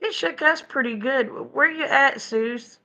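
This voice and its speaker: Bright-voiced woman chatting with viewers. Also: high-pitched, measured pace. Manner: folksy, chatty, laughs easily. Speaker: live stream host. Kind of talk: casual chat with viewers. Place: home, indoors.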